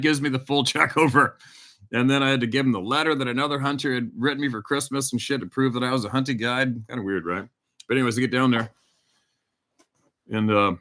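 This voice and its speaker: A man's voice: medium pitch, sharp tone. A middle-aged man from Canada hosting a casual live stream, reading out viewers' locations and telling a loose, profane hunting story. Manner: reads out viewer locations, swears casually, tells stories. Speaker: hunting show host on a livestream.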